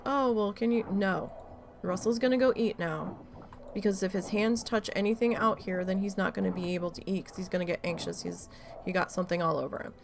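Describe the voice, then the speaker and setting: This woman streamer has a low-leaning voice with vocal fry, and she's swearing a lot as she relays an exasperated story while playing a game live. Slight noise sits in the background.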